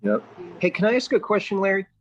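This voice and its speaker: A man's voice: high voice, steady tone, quick pace, vocal fry, a little hiss or hum. A man chatting casually with a friend, asking questions and recalling a shared memory. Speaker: podcast guest. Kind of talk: casual chat. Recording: dry, muffled remote line.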